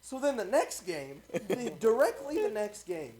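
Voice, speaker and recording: A young man hosting a podcast, telling a story in a casual, animated way, laughing often and swearing freely. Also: sits high, a little slow, a crowd in the background. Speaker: podcast host.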